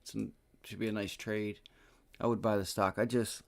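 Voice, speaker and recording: Gravelly man cursing over stock charts. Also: fairly low pitch, little pitch movement, normal speed. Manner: profane, frustrated outbursts; thinking aloud over charts. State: aching back. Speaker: day trading livestream host. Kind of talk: live trading commentary.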